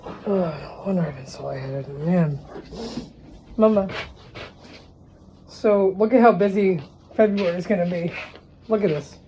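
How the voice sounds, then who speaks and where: A woman's voice: on the low side, unhurried, pauses often, mellow, muffled recording, slight background noise. A woman chatting casually on a home livestream, rambling with exasperated asides.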